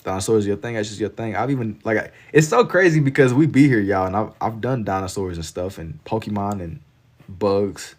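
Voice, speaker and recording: Drawing on a live stream, this laid-back Southern man from Kentucky keeps up casual chat in a lowish voice at a brisk pace. His talk rambles and is packed with the filler word "like."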